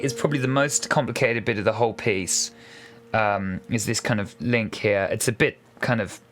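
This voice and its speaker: Male piano tutor, patient and chatty, counting beats aloud over loud piano. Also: on the low side. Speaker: piano teacher. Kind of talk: casual step-by-step piano lesson. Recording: piano music loud under voice. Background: piano playing.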